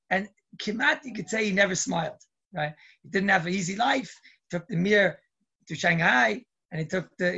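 A man telling stories to children in a lively, chatty, digressive way. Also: sits high, creaky, husky. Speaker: storyteller. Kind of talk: casual storytelling to children.

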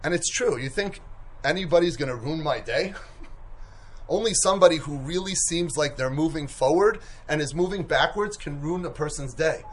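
A man, a yeshiva mashgiach, giving an animated Torah lecture that swings from loud emphasis to soft asides and is peppered with Hebrew and Yiddish terms. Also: fairly high pitch, moderate pace, husky.

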